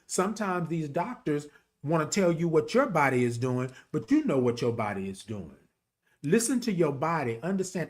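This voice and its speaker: A man from Texas with a country twang, hosting a casual, emphatic talk show and speaking straight to his listeners in a folksy way. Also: fairly high pitch. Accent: Texan, country. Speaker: podcast host and HIV advocate. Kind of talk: casual direct-to-audience talk.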